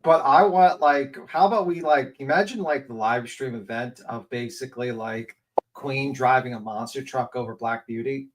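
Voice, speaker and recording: A man's voice: mid-range voice, normal speed, a little hiss or hum. A man chatting on a livestream panel, rambling with lots of fillers and swearing. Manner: rambling, profane, filler-heavy. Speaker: panel guest. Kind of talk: casual livestream panel chat.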